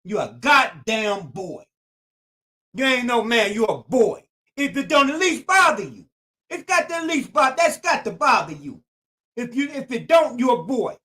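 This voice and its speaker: This YouTube host, an older man speaking AAVE, delivers a streetwise commentary monologue like a sermon, preachy, repetitive, and emphatic. His voice is very high-pitched and sing-song, pushed and bright, moving at normal speed.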